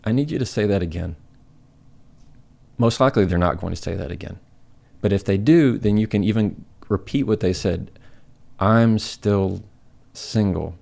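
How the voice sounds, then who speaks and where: A man as a podcast guest, calmly explaining advice and acting out example dialogue. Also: fairly low pitch, normal speed, creaky, long pauses. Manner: steady, acts out example dialogue. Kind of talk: conversational advice.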